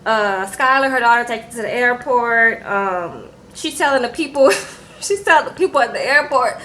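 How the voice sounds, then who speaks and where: A woman casually recapping a reality show, animated and sassy, acting out quotes with asides to her viewers. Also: on the high side, moderate pace, slight background noise, poor audio.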